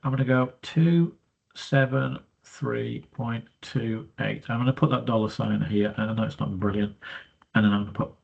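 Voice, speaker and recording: A husky, slightly breathy man walks through a maths exam question in a chatty, step-by-step way, thinking aloud as he goes. He sounds stuffy from hay fever and breathes through his mouth. The recording is dull and lo-fi. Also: medium pitch. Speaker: maths teacher. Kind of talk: explaining a worked exam question.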